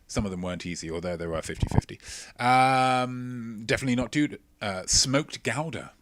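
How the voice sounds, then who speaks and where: A man's voice: mid-range voice, moderate pace, background noise. A man hosting a live-streamed quiz, reading out viewers' answers with chatty, self-mocking jokes. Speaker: quiz show host.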